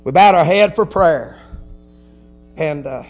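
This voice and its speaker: Man, high voice, folksy preacher, hallelujahs, faint music behind. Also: slow pace. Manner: builds from quiet storytelling to shouted preaching. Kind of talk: Pentecostal-style sermon.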